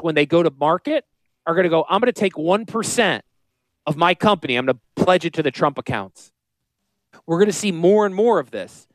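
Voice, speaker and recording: A man with a Northern US accent hosts a radio talk show as a financial planner. His fairly high voice swoops up and down as he rambles, pitches and jokes. The sound is dry and close. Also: no echo. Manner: rambling, salesy and joking.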